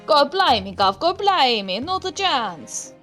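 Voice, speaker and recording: Woman doing a male witness, evasive, slangy, high. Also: big pitch swings, measured pace, pushed and bright, soft background music, exaggerated voice. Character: rough working-class male witness, gruff and evasive.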